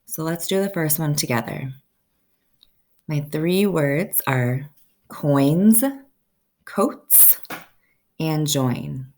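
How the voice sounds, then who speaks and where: Slow, low-voiced woman teaching phonics. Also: mellow. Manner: slow, stretched-out sounding of words. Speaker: first-grade teacher. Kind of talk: phonics lesson for young children.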